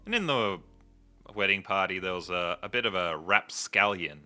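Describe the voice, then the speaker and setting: A man's voice: low-pitched, lively intonation, normal speed, bright, forceful tone, no room sound, faint music behind. A man chatting and joking casually while playing a game, rambling into stories as he goes. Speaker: gaming video host. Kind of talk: casual gameplay commentary.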